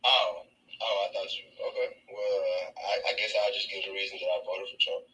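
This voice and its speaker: A man in his thirties with a Southern American accent, calling in to a debate and answering haltingly with many fillers. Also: deep voice, level tone, sharp tone. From Tennessee, USA. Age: 30s. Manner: hesitant, many fillers and restarts. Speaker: caller. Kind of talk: call-in debate. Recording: distant phone-line audio.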